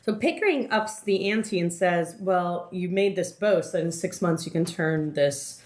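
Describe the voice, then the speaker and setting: A woman's voice: fairly low pitch, a little slow. A woman podcast host recapping a film in casual chat, rambling with many fillers and restarts. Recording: roomy, echoey room.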